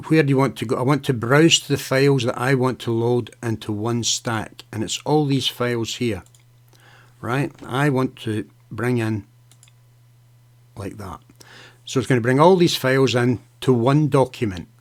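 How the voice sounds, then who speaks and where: A man hosting a live software tutorial, chatting casually as he clicks through steps, often saying "okay" and "right". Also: medium pitch. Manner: casual, talks to viewers by name, fillers and okays. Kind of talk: live screen-share tutorial.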